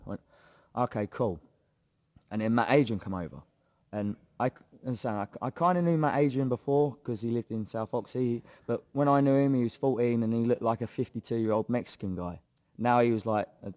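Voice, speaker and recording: A man's voice: medium pitch, a little fast, a little mellow, no echo. A young English man with a Hertfordshire accent, a mixed martial arts fighter telling a laddish, swearing story of how he started training in a casual interview. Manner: chatty, swearing, laddish banter, acts out quoted voices. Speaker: guest, MMA fighter.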